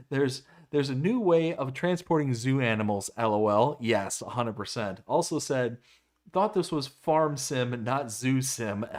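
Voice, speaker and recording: A man co-hosting a casual live stream, stammering and exasperated as he reacts and reads chat comments aloud. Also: mid-range voice. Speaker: livestream co-host.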